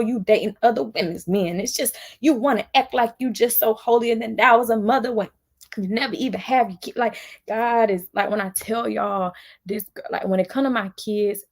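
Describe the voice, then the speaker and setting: Woman going off on her livestream, heated and repeating herself, kinda gravelly. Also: on the high side. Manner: heated, fast, repetitive venting with frequent restarts. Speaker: vlogger on a livestream. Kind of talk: emotional livestream rant.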